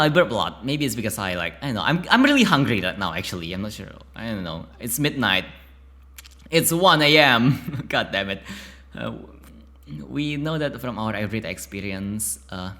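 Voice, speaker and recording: Low-voiced man reading a game aloud. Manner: stumbles over words and breaks off into chatty self-talk. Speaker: YouTuber playing a narrative game. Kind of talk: reading game text aloud with casual asides.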